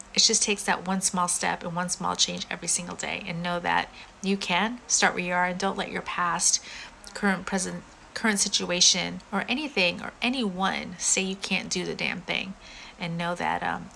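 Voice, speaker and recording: A woman's voice: lowish voice, vocal fry, pushed and bright, slight background noise, rough recording. A woman talking casually and earnestly to her viewers on a live stream from home, rambling with many fillers. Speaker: vlogger going live.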